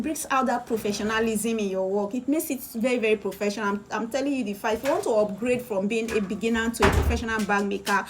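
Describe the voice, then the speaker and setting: A woman, a bag-making instructor giving a live-streamed sewing tutorial, chatty and repeating phrases for emphasis. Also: on the high side. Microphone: phone or camera on a live video.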